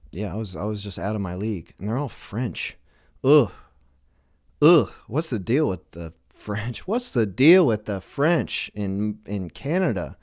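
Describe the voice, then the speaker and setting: A man's voice: on the low side, darkish tone, no echo, clean studio sound. A man hosting a live stream, rambling through a self-deprecating comedic monologue full of restarts. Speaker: livestream show host.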